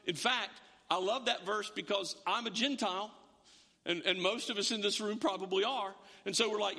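High, bright-voiced male preacher. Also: normal speed, gravelly, long reverb tail. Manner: emphatic, repeats words when building a point. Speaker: pastor. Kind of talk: sermon.

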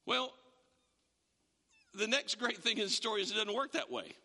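A man preaching a sermon as a pastor, in an animated, conversational way with frequent restarts. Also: sits high, normal speed, gravelly, big-room sound.

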